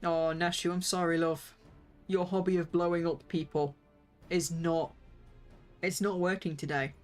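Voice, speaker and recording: A young woman chatting casually on a game livestream, excitable and quick to gasp and squeal. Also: lowish voice, soft background music. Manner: excitable, jumps into squeals and gasps. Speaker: streamer.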